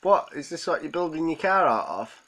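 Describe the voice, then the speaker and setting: A man's voice: a little high, very animated, brisk, a bit bright, rough recording. Tearful man chatting on a livestream. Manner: rambling, chatting to viewers' comments. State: close to tears. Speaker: livestream host. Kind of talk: emotional live stream chat.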